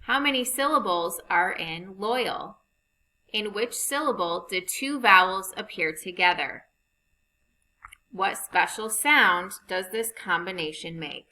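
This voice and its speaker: A woman teaching a phonics lesson over slides, reading rules and example sentences slowly and deliberately. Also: mid-range voice, expressive, bright, forceful tone, a little hiss or hum, poor audio.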